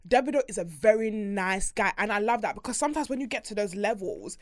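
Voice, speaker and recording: Animated young woman, dry sound. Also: medium pitch, fast talker, no echo. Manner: animated, emphatic, swears freely. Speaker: podcast co-host. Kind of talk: casual chat.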